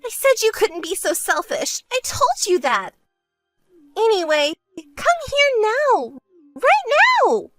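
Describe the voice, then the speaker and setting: A woman voicing a vain, self-centered young woman who talks in a smug, whiny way and turns shrill when angry, in an animated story. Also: a little slow, no echo, soft background music, heavily acted. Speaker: bride-to-be sister.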